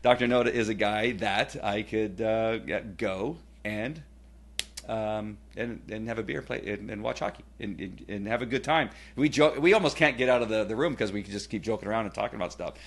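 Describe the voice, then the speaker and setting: A middle-aged man giving a casual personal testimonial, rambling with many fillers and restarts and growing animated when he retells family scenes. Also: on the low side, moderate pace. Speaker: testimonial speaker.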